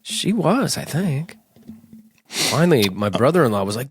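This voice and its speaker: A man co-hosting a podcast, chatting casually and telling animated, self-mocking stories with profanity. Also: mid-range voice, measured pace, slightly rough, no room sound, studio quality. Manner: animated storytelling, acts out his own scared drunken voice in quotes. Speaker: podcast co-host. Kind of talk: casual chat.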